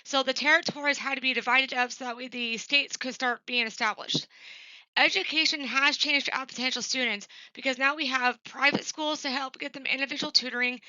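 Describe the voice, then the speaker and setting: A woman's voice: sits high, bright, forceful tone, no room sound, muffled recording. A woman giving a recorded class presentation for her professor. She talks plainly and earnestly, with frequent ums and uhs. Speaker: student presenting an assignment.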